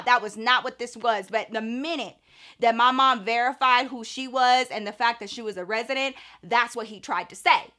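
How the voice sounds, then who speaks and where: A woman vlogger telling a personal story in an animated, slangy way. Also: a little high, moderate pace. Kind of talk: story time vlog.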